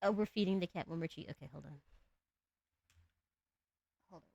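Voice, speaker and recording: A woman with a low alto voice chatting casually with her live-stream viewers, giggling often. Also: normal speed, vocal fry, darkish tone, lo-fi sound, a little hiss or hum. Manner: chatty, giggly, talks to chat and her cat.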